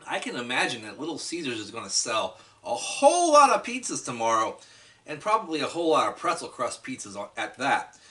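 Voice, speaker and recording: A man's voice: mid-range voice, wildly swooping pitch, fairly quick, sharp tone, recorded from a distance. A man chatting enthusiastically through a casual food review, talking straight to his viewers.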